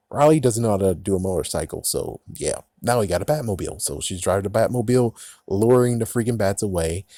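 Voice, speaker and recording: A man's voice: lowish voice, mellow, dry recording, clean studio sound. A man casually recapping and reviewing a TV episode, sarcastic and profane, often breaking into laughs.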